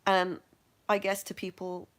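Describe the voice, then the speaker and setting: A woman's voice: medium pitch, monotone, a little slow, a bit bright. A middle-aged woman candidly telling her own medical story, frank and matter-of-fact, often laughing at herself. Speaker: vlogger sharing her health journey.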